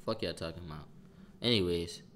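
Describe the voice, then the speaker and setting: A young man telling a story on a livestream in casual chat, animated and profane, breaking off to react to viewers' comments. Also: low-pitched, brisk, a little hiss or hum.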